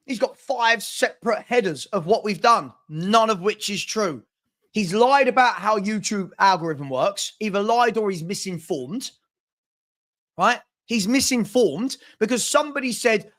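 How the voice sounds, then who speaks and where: A man's voice: high-pitched, animated, unhurried, bright, forceful tone. Frustrated man ranting on a live stream. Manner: agitated, stammering restarts and repeated phrases. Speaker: football channel host.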